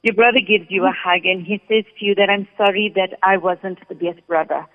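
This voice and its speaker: A woman working as a psychic medium, calmly relaying messages during a radio reading. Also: medium pitch, a little fast. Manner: calm, steady, relays messages in first person. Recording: phone-like sound with long reverb.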